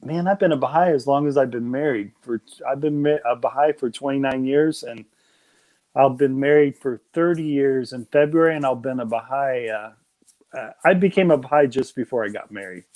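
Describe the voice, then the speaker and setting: A man's voice: medium pitch, normal speed, darkish tone. A man in his fifties hosting a casual live stream chat, joking around and slipping into silly voices. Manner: jokey, puts on silly voices. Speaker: livestream host.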